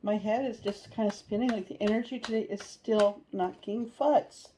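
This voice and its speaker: A woman with a mellow, warm tone gives a casual tarot reading. She is chatty and animated, talks to the listener directly, and is blunt enough to swear now and then. A faint hiss sits under her voice. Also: mid-range voice, normal speed, low-quality recording. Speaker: tarot reader.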